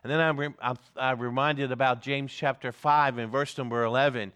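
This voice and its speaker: A man's voice: medium pitch, fairly even intonation, normal speed, a bit bright, clear, resonant tone. A man preaching a sermon and leading a group Bible reading, earnest and given to repeating words for emphasis. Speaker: pastor.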